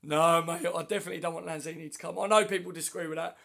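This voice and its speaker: Male stream host, high-pitched and gravelly, hoarse with flu, chatty and matey with viewers. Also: steady tone, very fast, pushed and bright. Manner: chatty, matey, answers comments one by one. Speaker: livestream host. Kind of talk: casual livestream chat reading viewer comments. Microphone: phone.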